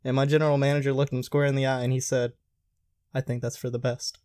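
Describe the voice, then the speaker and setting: A man's voice: medium pitch, quick pace, no room sound. A young man in casual chat, animatedly retelling stories from his restaurant job and acting out what people said. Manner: animated retelling, acts out quoted lines. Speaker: podcast host telling work stories.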